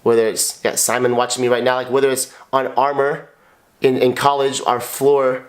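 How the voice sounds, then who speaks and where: A man with a voice of ordinary pitch tells his story on a couple's podcast. He is blunt and emotional, swears freely and circles back over his own words. He speaks in a raw, confessional way. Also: flat delivery, normal speed. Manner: emotional and blunt, swears often, repeats himself. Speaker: podcast co-host, husband.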